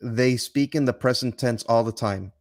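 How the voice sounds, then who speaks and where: A man's voice: mid-range voice, normal speed. An easygoing man in a casual chat who often reacts with short interjections.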